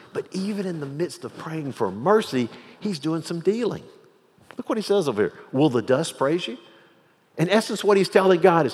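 A man preaching a sermon, moving between loud, emphatic peaks and hushed, low passages as he reads scripture and explains it. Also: very animated, normal speed. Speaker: pastor. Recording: long hall reverb.

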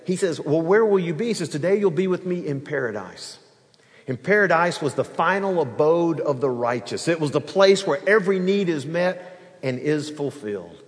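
A man preaching a sermon in an animated way, acting out the quoted lines and bantering with the congregation. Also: fairly high pitch, in a large hall. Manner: animated preaching, acts out quoted speech, laughs with the crowd. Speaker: pastor.

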